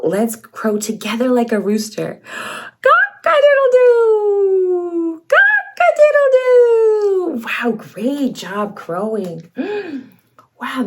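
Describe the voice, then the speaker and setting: Woman, kids' show host, high bouncy voice, slow and sing-song, does animal sounds for toddlers. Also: darkish tone. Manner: gasps and cheers to coax a toddler. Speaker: children's educational show host. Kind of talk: toddler learning video, reading aloud.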